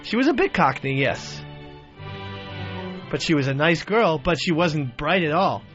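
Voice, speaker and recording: A man's voice: on the high side, lively intonation, a little slow, fairly bright tone. A man co-hosting a radio talk show, ranting and easily worked up in casual banter. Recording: dull radio broadcast with faint music.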